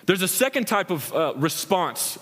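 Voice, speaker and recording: A young male preacher delivering a sermon, telling stories and acting out small scenes. His voice sits a little high for a man. It rings out with a long reverb from a large hall. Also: moderate pace. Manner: animated storytelling, acts out scenes with hand gestures. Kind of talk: sermon with acted-out examples.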